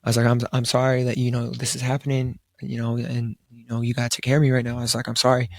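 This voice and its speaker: A man's voice: medium pitch, monotone, fast talker, creaky, no echo, studio quality. A young man, telling a long personal story in a casual podcast chat, quoting himself often between fillers. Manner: laid-back storytelling, quoting himself, frequent fillers and restarts. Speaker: podcast co-host. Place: studio around a table.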